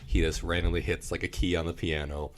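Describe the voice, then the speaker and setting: A man's voice: deep voice, level tone, fairly quick, a little hiss or hum. A man co-hosting a movie review podcast, talking casually and animatedly, quoting lines and swearing often. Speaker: podcast co-host.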